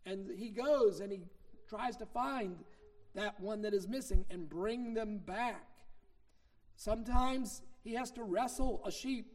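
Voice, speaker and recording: A middle-aged man preaches a sermon with a high voice. He teaches in a relaxed, conversational way, telling stories. He presses hard on the points he wants to land. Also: a little slow. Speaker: minister.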